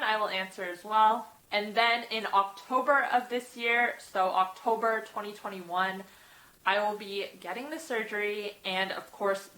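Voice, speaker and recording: A woman's voice: mid-range voice, pushed and bright, reverberant, poor audio. A young woman vlogging to camera in a casual way, with a slight lisp from new braces. She sounds nervous and sighs and laughs between phrases. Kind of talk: casual vlog talk to camera.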